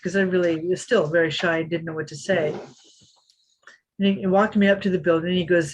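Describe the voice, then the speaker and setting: Slight background noise accompanies this lowish-voiced woman in her fifties, who speaks at a normal speed but pauses often. As a podcast interview guest, she shares an anecdote with energy, performing the quoted lines.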